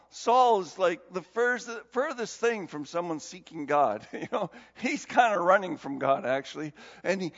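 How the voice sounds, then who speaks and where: High-voiced male pastor, lively storytelling. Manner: animated, conversational storytelling. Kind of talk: sermon. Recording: dull recording in a long-reverb hall.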